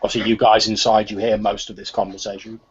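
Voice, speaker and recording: A man's voice: on the low side, little pitch movement, fast, a little hiss or hum. A man running a tabletop role-playing game as game master, narrating hesitantly and often repeating words. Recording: dull lo-fi recording.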